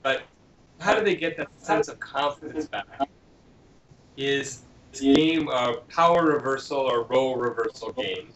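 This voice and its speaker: A man's voice: medium pitch, unhurried, a little hiss or hum. A man, a parenting author, answering interview questions and acting out the voices of children and parents as he gives examples. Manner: animated storyteller who acts out children's lines. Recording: dull lo-fi sound in an echoey room.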